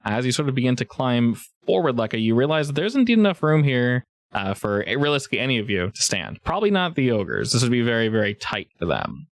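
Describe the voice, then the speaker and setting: A man's voice: mid-range voice, sing-song, no echo. Casual man narrating as game master. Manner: casual, halting narration with many fillers.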